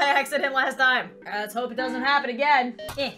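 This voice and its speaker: A woman's voice: high voice, fairly even intonation, fairly quick, pushed and bright, soft background music. A young woman doing let's play commentary, chatting animatedly and cooing in baby talk at a virtual kitten. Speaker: gaming YouTuber.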